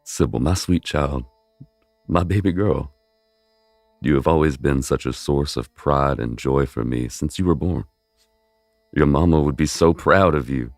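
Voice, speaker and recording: A man playing a loving middle-aged wizard father who speaks earnestly and gently. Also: extremely low pitch, a little slow, pauses often, dry recording, clean studio sound, soft background music, pitched below the performer's own voice. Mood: solemn.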